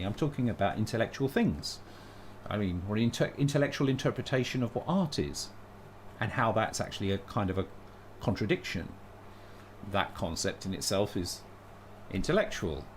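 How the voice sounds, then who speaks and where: A man's voice: fairly low pitch, very animated, normal speed, slight background noise. A man talking casually on a live stream, thinking aloud with many restarts and blunt opinions. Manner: thinks aloud, frequent restarts and self-corrections.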